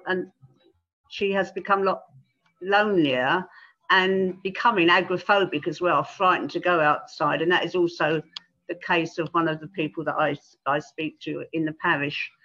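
An older woman talks in a gentle, halting way, stopping often to restart her sentences. Her voice comes through a dull, muffled call line with little clarity. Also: low voice, steady tone. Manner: gentle, hesitant, many ums and restarts. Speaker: guest, retired pastoral carer. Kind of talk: casual conversation.

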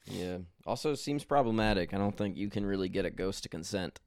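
A man co-hosting a podcast, trading crude comedic banter in a deadpan way and laughing often. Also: sits low, a little fast, no room sound, studio quality. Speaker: podcast co-host.

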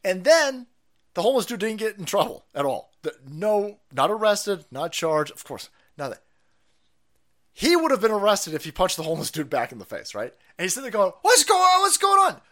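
A man hosting a stream, ranting loudly about politics with constant swearing and bursts of laughter. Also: on the high side. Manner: loud, swearing, laughing at his own jokes. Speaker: stream host. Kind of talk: profane political rant.

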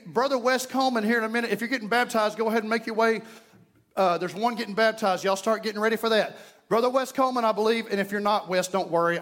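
A man preaching a fervent, folksy sermon in a church, breaking into shouts. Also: sits high. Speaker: pastor. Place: church sanctuary. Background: music.

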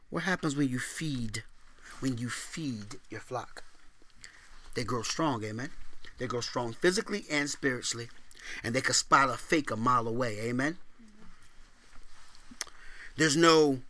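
A man preaching a sermon as pastor, booming out scripture readings and dropping to quiet conversational asides, asking for amens. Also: measured pace, long pauses, dry recording.

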